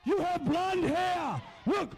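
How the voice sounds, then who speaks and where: Man playing an arrogant German heel wrestler, fake German accent, very high shouted voice, old wrestling promo. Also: animated, takes it slowly, gravelly, a crowd in the background, full character voice. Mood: furious ranting. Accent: put-on German accent. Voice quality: loud, ranting, mixes broken German and English.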